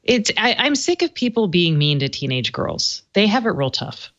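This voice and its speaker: A woman's voice: medium pitch, big pitch swings, moderate pace, fairly bright tone, no echo, lo-fi sound. A woman on a casual tech panel show, outspoken and teasing, pushing back on the host.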